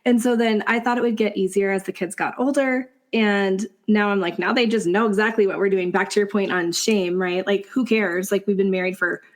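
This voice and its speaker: A woman's voice: mid-range voice, fairly even intonation, brisk, few pauses. A woman in her forties co-hosting a podcast, upbeat and reflective, often agreeing with her guests. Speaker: podcast co-host. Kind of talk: casual podcast chat.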